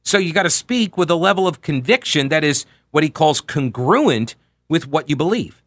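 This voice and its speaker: A man in his forties hosting a talk radio show, telling anecdotes in a candid, conversational way with animated asides. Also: a little high, normal speed, no echo. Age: 40s. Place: radio studio. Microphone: close studio microphone.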